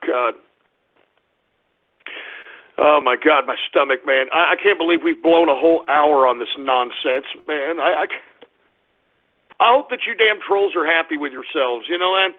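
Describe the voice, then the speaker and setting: A man's voice: on the high side, moderate pace. A man hosting a live call-in radio show, groaning, complaining at trolls and acting nauseated and sweaty. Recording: tinny phone-line quality radio stream.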